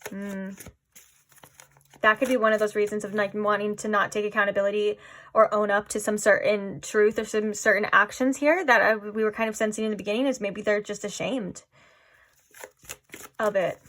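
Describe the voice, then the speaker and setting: A woman giving a casual pick-a-card tarot reading, rambling and filling her talk with "like", often dropping into soft, musing asides. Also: mid-range voice, steady tone, normal speed, a little hiss or hum. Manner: rambling, heavy use of "like". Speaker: tarot reader.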